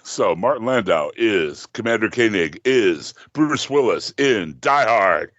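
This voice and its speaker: A man's voice: lowish voice, animated, a little slow, a bit bright, no room sound, highs cut off. A man who is a guest on a casual podcast, laughing often and making jokey asides.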